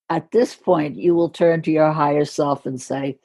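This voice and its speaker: An older American woman telling a story slowly and with care, laughing softly between phrases, as a guest on a podcast. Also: deep voice. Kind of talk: storytelling in conversation.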